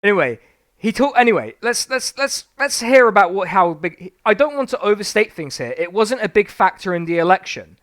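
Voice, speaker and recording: A man's voice: high voice, lively intonation, brisk, fairly bright tone. A man reviewing a book live on stream, reading passages aloud and answering them with sweary, sarcastic rants.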